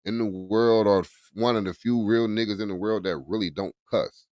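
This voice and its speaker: A man's voice: lowish voice, fairly even intonation, moderate pace, darkish tone, dry recording. A man chatting casually as a podcast co-host, laid-back and repeating "you know what I'm saying". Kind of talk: casual chat.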